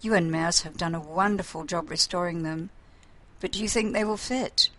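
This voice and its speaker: A woman voicing a gentle, formal young man who speaks softly. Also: lowish voice, moderate pace. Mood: admiring. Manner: soft-spoken and formal.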